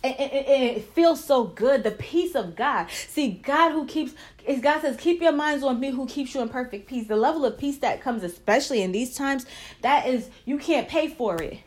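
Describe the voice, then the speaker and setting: A woman's voice: high-pitched, expressive, normal speed. A woman hosting a casual faith talk, earnest and encouraging, who breaks into short prayers as she speaks. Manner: earnest, encouraging, prays aloud mid-talk. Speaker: faith and marriage podcast host.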